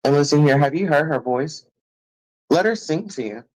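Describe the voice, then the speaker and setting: This is a man talking to his live-stream viewers. His voice sits a bit on the high side. He delivers a sassy, brash rant full of cursing, stretching his taunts out in a teasing sing-song. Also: expressive, normal speed, darkish tone, rough recording.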